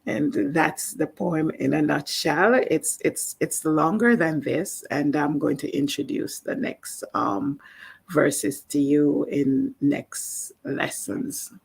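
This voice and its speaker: A woman with a Jamaican accent teaching a live language lesson, explaining slowly with many fillers. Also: deep voice, animated, gravelly, husky.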